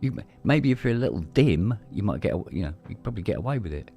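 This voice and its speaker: A middle-aged man talks in casual podcast chat, his voice low and mellow. He tells stories loosely, swearing freely and restarting sentences. Faint music plays behind him. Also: very animated, quick pace, gravelly. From London, England. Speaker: podcast co-host.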